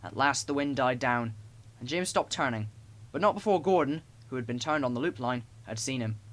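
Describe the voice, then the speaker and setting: A man narrating children's stories as an audiobook, in an expressive storytelling way. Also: medium pitch, fairly quick.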